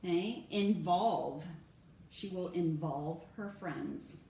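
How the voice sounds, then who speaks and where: A woman's voice: fairly low pitch, dark tone. Patient woman teacher in an echoey room. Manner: patient, encouraging, spells words out slowly. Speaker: reading teacher. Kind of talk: one-on-one phonics lesson. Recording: echoey room, far from mic, faint hum.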